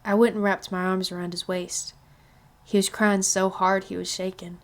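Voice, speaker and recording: A woman narrating a children's novel aloud in a calm, even storytelling manner. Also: medium pitch, normal speed. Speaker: reader.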